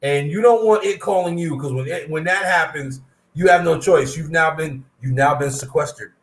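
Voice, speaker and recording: A man co-hosting a casual chat show, his high voice ringing off the walls of an echoey room. He tells stories in an animated way and stretches out words to hit his points. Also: moderate pace. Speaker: co-host.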